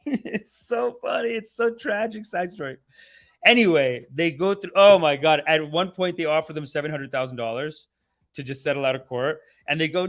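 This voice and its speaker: A young man hosting a casual, rambling review, profane and animated, who slips into mock voices for the people he describes. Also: a little high, a little fast. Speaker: show host reviewing a documentary series.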